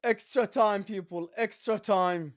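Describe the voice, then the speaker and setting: A man hosting a football watch-along, giving live commentary and yelling with excitement at the big moments. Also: sits high, a little slow.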